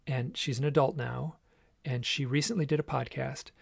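Male podcast host, solo storytelling, earnest and measured, gravelly voice, close dry mic. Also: medium pitch, fairly even intonation, no room sound. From United States.

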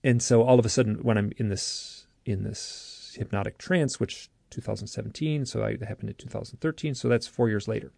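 A man, an author and interview guest, telling a story in an earnest, lively way, often restarting his sentences. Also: lowish voice, brisk, creaky, hardly any pauses, dry recording, clean studio sound. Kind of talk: animated storytelling.

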